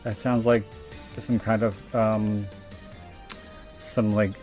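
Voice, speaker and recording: A man's voice: lowish voice, little pitch movement, slow, a little mellow, soft background music. A man with a South Philadelphia accent, co-hosting a casual podcast and rambling through profane asides. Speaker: podcast co-host. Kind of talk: casual chat.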